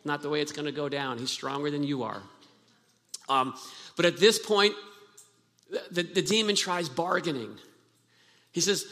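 A man's voice: on the high side, normal speed, long pauses, a bit bright. Earnest preaching man in reverberant church. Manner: earnest, emphatic preaching with repeated restarts. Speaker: pastor. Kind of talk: sermon. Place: church sanctuary. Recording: long hall reverb from a church.

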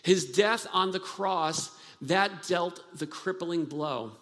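A man's voice: high-pitched, slow pace, a bit bright. Earnest preaching man in reverberant church. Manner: earnest, emphatic preaching with repeated restarts. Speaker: pastor. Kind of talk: sermon. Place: church sanctuary. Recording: long hall reverb from a church.

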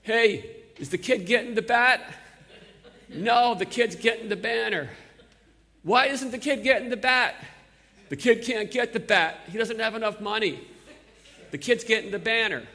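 A man doing a gruff, loud Bronx-accented stranger who argues bluntly in a queue. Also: sits high, normal speed, pauses often, pitched above the performer's own voice. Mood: bickering, insistent. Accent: New York (Bronx). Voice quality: brash, blunt, argumentative. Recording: long reverb of a large hall.

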